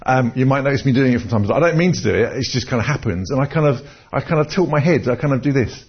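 A man races through a storytelling sermon in a husky, mid-range voice with lively intonation. He keeps it conversational, drawing on personal stories and often restarting with repeated words. The recording sounds dull and lo-fi.

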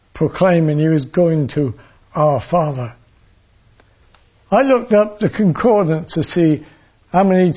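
A man gives a sermon at a very unhurried pace, his voice husky and a little high. He reads scripture in a measured way and now and then stumbles over and repeats his words. The recording sounds dull and lo-fi. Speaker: preacher. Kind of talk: sermon with Bible reading.

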